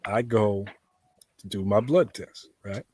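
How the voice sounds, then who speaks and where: Low-voiced man telling a blunt story. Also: takes it slowly, breathy edge, no echo. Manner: animated, acts out both sides of dialogue; profane, blunt. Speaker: podcast co-host. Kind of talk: casual storytelling chat.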